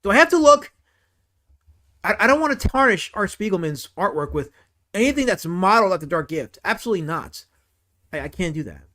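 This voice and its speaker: A man's voice: sits high, very animated, fairly quick, pauses often, pushed and bright. A man hosting a casual livestream, rambling through comic commentary and reacting to chat with frequent exclamations and swearing. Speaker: livestream host.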